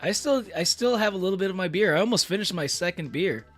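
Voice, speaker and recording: A man's voice: sits high, lively intonation, quick pace, soft background music. A young man streaming, chatting casually to his viewers in a rambling way, with many fillers and restarts and frequent laughs. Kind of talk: casual livestream chat.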